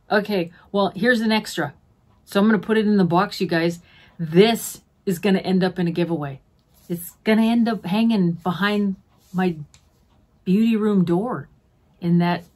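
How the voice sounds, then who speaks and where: Husky-voiced woman gushing over makeup. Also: mid-range voice, normal speed, long pauses, darkish tone. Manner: chatty, gushing, talks to viewers as friends. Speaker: beauty vlogger. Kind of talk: casual unboxing chat. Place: home beauty room.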